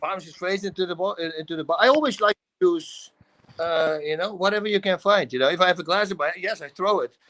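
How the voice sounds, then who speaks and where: A middle-aged man with a Dutch accent, telling animated stories in a casual talk show. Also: high-pitched, fast, low-quality recording. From Netherlands. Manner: animated storytelling, acts out quotes, laughs often. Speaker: guest. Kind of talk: casual storytelling.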